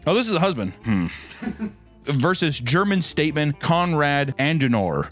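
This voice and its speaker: A man hosts a casual comedy chat, joking about himself and laughing along the way. His voice sits fairly high and moves around a lot, with light music underneath. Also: big pitch swings, moderate pace, fairly bright tone. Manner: joking, self-deprecating, laughs often. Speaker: host.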